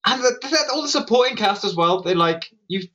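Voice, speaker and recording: A British man co-hosting a podcast, chatting in an animated, mocking way. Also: sits high, brisk, highs cut off, slight background noise. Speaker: podcast co-host. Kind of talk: casual chat.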